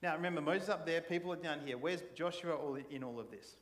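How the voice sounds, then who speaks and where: A man preaching a sermon, telling the story in a casual, animated way and acting out the people in it. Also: fairly high pitch, fast. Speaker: pastor. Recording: long church hall reverb.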